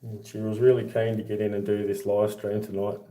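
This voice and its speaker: A middle-aged Australian man hosts a casual livestream from a home full of boxed-up rooms, telling stories and laughing through his own yarns. His voice is fairly low, flat in delivery, brisk and warm. The recording has an echoey room sound.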